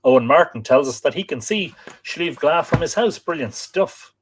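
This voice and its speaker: A man's voice: on the high side, animated, moderate pace, a little hiss or hum. An Irish man hosting a live stream, reading from a book and adding chatty asides for viewers, sometimes spelling out place names. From Ireland.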